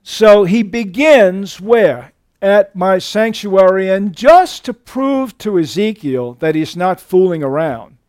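A man preaching a sermon in a high, fairly light voice. He drives his points home with emphatic swells that climb sharply in pitch. The recording is dry and close, with little room sound. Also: lively intonation, slow, a little mellow, dry recording. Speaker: pastor.

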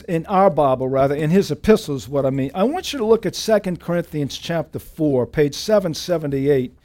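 Animated high-voiced male preacher. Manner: animated preaching with sudden pitch leaps and drops; reads scripture aloud with emphasis. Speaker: pastor. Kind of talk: sermon.

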